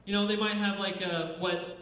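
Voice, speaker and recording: A man's voice: high-pitched, moderate pace, slight background noise. A man doing a crude, rambling stand-up set at an open mic night, talking into a handheld stage mic on a bar stage. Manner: crude, rambling, deadpan delivery. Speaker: stand-up comedian. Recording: very echoey bar room.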